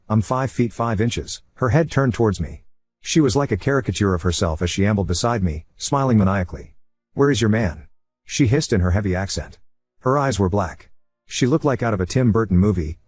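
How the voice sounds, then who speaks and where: A man narrating a first-person story in a measured, even reading style. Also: fairly low pitch, breathy edge, no echo. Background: faint background music.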